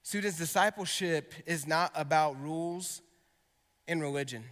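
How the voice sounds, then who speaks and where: A young youth pastor preaches a sermon to students in a conversational style, breaking off into personal stories. His voice is slightly high, a bit bright and a little slow, with long hall reverb on the recording.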